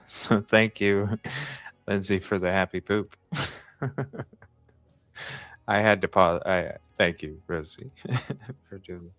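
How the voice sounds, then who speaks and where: A man's voice: sits low, slow, long pauses, a bit bright, no echo. A man hosting a show, talking casually about a court case and reading out transcripts with frequent fillers. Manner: reads a call transcript aloud, with frequent fillers. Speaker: host.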